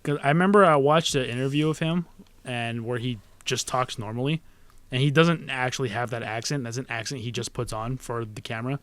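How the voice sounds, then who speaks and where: A man's voice: mid-range voice, fairly quick, no echo. A young man co-hosting a podcast, chatting casually with lots of ums and self-corrections. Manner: animated, hesitant, quizzing. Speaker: podcast co-host. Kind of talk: casual chat.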